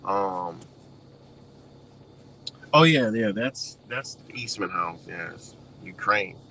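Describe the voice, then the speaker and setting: A man's voice: deep voice, lively intonation, slow pace, vocal fry, bright, forceful tone, a little hiss or hum, rough recording. A man with a Western New York accent ranting casually to camera, blunt and profane, rambling with lots of fillers.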